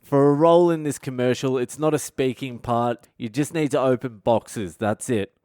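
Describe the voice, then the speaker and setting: A man's voice: mid-range voice, moderate pace, dark tone, clear, resonant tone, no echo, clean studio sound, natural voice. A man putting on a polite Indian-accented filmmaker. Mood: polite, explaining. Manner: polite, matter-of-fact, explaining patiently.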